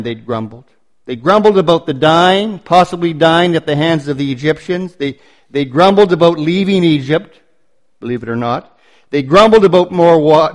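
Man preaching with emphatic repetition. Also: on the high side. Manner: emphatic, repetitive cadence with slow stressed phrases. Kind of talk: sermon.

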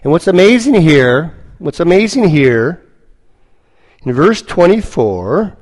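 A man preaching a sermon, telling a story slowly and dramatically, with lots of repetition. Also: fairly high pitch, very animated, low-quality recording.

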